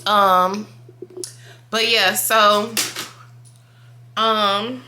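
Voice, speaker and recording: A young woman, chatting loudly and profanely to her viewers in a casual vlog. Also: mid-range voice, extremely slow, a little hiss or hum. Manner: profane, loud and excitable, talks to viewers as y'all. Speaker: vlogger.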